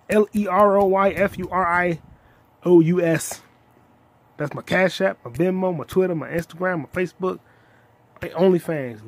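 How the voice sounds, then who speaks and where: A young man hosting a solo comedy podcast, ranting in loud, profane bursts with sudden shouts. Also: on the high side, measured pace, long pauses.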